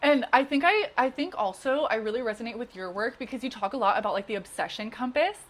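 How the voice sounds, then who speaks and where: A woman's voice: fairly high pitch, quick pace. A young adult woman, a guest on a podcast, chatting earnestly and casually with many fillers. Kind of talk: casual chat.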